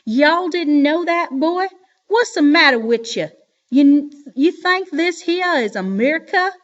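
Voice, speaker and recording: A woman voicing a father who mocks a drawling Southern hillbilly man, loud and teasing, on a dull lo-fi recording. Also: animated, unhurried. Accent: put-on Southern US hillbilly. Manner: loud, teasing, high and rising.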